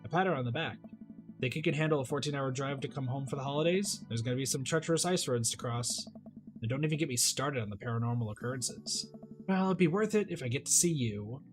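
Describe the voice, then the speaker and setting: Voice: mid-range voice, fast, music in the background. A streamer playing a dating game, reading the dad's lines aloud with playful joking asides. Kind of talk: let's play with read-aloud dialogue and jokes.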